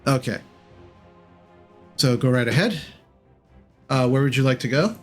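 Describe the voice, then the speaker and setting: Game master narration from a man with an expressive, medium-pitched voice, faint music playing underneath. He takes his time and drifts, with plenty of ums and self-corrections.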